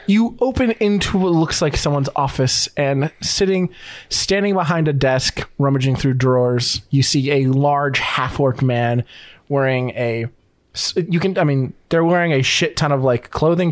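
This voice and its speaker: A man's voice: medium pitch, normal speed, no room sound. A young man narrating as game master of a tabletop game, rambling and laughing often.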